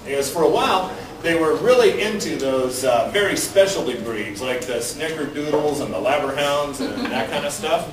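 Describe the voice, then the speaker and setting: A man performing a stand-up comedy set, telling stories deadpan, each ending on a punchline. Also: on the high side, slow pace, pauses often. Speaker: stand-up comic. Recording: roomy, distant mic with background noise.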